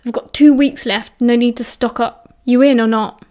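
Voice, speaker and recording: A woman's voice: a little high, steady tone, normal speed, warm tone, natural voice. A woman voicing an angry, brooding teenage boy who growls and snarls his words. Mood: hostile.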